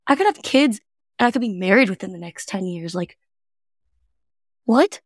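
Twenties female podcast co-host, rambling and expressive, close dry mic. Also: medium pitch, normal speed, long pauses, dry recording. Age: 20s. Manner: animated, rambling, frequent "like". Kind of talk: casual chat.

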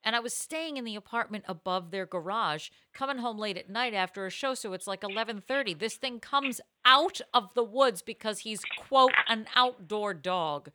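A woman in a casual chat, expressive and quick to react, telling her own story with pop-culture asides. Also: a little high.

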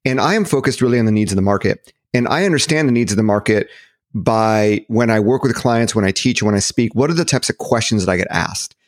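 A man's voice: fairly low pitch, a little fast, no room sound, studio quality. A man as a podcast guest, upbeat and explaining at length in a casual interview. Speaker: podcast guest, marketing educator.

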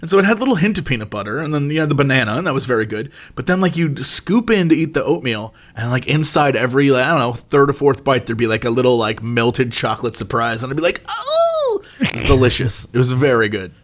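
A man in casual chat, telling a funny family story and jumping up high when quoting himself. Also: fast talker, hardly any pauses.

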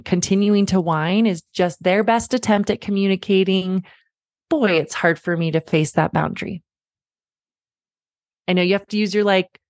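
A woman's voice: fairly low pitch, no room sound, studio quality. A woman in her thirties hosting a parenting podcast, coaching parents in an earnest, encouraging way and repeating key phrases.

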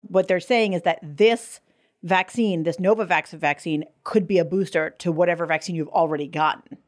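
A woman co-hosting a podcast in casual chat, animated and quick to curse in her banter. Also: fairly low pitch. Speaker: podcast co-host.

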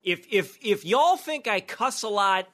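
New dude on a podcast, kinda high bright voice, jokes about himself. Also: male voice, very animated, unhurried. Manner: self-mocking, wry storyteller. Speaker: podcast co-host. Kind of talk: casual chat.

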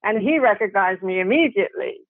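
Chatty actress on a tinny phone line. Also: female voice, mid-range voice, brisk, dry recording. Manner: chatty, animated anecdotes with British slang and laughs. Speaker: actress guest. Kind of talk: casual storytelling interview.

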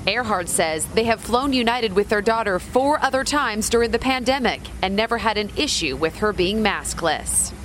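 A woman news reporter narrating scripted television news stories in a brisk, even newsreader manner. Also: mid-range voice, a little hiss or hum.

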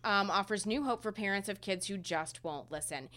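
A woman's voice: medium pitch, bright, forceful tone. Woman, 30s, podcast co-host, earnest and emotional, lots of ums and restarts. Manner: emotional, halting, full of fillers. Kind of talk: casual podcast chat.

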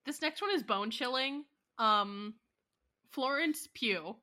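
A woman's voice: sits high, expressive, sharp tone. A woman co-hosting a podcast, casually teasing out hints in a guessing game. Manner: teasing, giving hints slowly. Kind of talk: casual chat.

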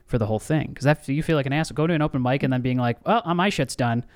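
A man's voice: mid-range voice, rapid-fire, a little mellow, no echo, studio quality. A man co-hosting a comedy podcast, telling rambling, self-mocking stories in casual chat. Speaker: podcast co-host.

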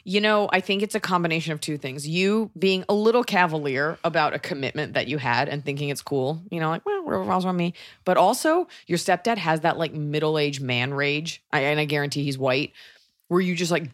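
Lower-voiced woman comic, blunt and animated, casual chat. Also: normal speed. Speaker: podcast co-host and comedian.

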